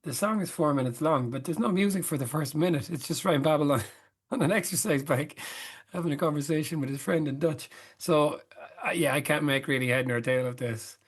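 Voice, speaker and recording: A man's voice: a little high, a little fast, breathy edge. Laid-back middle-aged man, dry quips. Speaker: podcast co-host. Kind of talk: casual chat.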